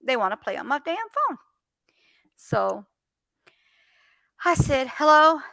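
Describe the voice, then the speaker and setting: A woman chatting casually, telling a story with lively acted-out phone dialogue. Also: high-pitched, slow, vocal fry, dry recording. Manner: animated storyteller, acts out phone calls. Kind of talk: casual chat.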